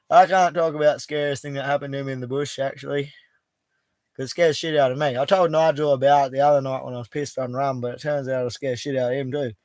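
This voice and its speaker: A man's voice: fairly high pitch, a little mellow, dry recording. Laid-back, swearing Australian bushman. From Western Australia. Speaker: livestream host. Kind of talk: casual live chat reading comments. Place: outback bush camp outdoors.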